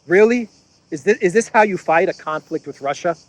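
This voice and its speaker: A man hosts casual political commentary in a high, animated, brisk voice. Sarcastic, he laughs at his own jokes and often repeats or restarts his phrases.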